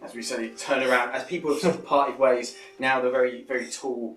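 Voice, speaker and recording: A man's voice: mid-range voice, steady tone, fast talker, a bit bright, reverberant, distant mic, soft background music, poor audio. A man narrating a tabletop game as game master, rambling with many fillers and restarts.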